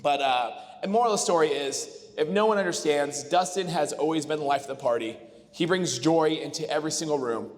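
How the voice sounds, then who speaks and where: At a wedding reception, a best man in his thirties gives a heartfelt, emotional toast, rambling and using fillers. His voice is on the high side and a little fast, and the hall's long reverb trails after it.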